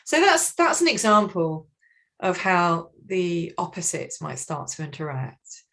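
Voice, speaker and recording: A woman trainer leading an online workshop on communication styles, speaking in an animated, expressive way over a video call. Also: on the low side, normal speed. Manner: animated, expressive, acts out colleagues.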